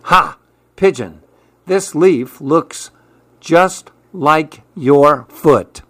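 Man doing a higher, gentle storybook mouse, curious and lilting. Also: animated, very slow, no room sound, heavily acted. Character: curious gentle male mouse, dreamy and kind.

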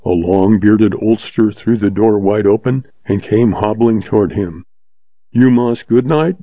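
Male audiobook narrator, steady western read, low and warm, dry lo-fi sound. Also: measured pace, dry recording. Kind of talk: scripted narration of a western novel. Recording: dull lo-fi dry recording.

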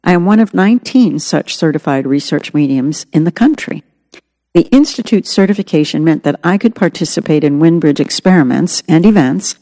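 A woman's voice: low voice, warm tone, in a large hall. A woman narrating her own memoir as an audiobook, in an earnest, reflective way.

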